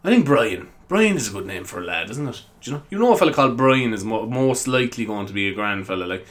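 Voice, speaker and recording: Irish lad doing his podcast, giggly and all over the place, bright voice. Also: fairly low pitch, big pitch swings, fast. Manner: rambling, giggly, easily sidetracked. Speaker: podcast host. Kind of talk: casual solo podcast chat.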